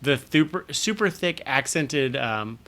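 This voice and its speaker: A man's voice: mid-range voice, expressive, a little slow, fairly bright tone. A man co-hosting a casual comics podcast, animatedly acting out characters' lines as he tells the story. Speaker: podcast co-host.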